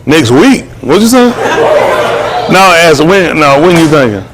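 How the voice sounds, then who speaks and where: An older man jokes around with wedding guests indoors, recording on a handheld phone. His voice sits a little high, and he talks in a loose, playful way, with quiet chatter around him. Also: big pitch swings, unhurried, noisy background. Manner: playful, teasing, Southern Black vernacular speech. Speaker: wedding guest filming the crowd. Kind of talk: casual banter while filming.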